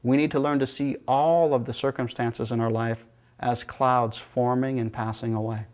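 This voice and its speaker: Calm man giving a spiritual talk. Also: mid-range voice, moderate pace. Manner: calm, reflective, storytelling. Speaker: yoga teacher. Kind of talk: spiritual lecture.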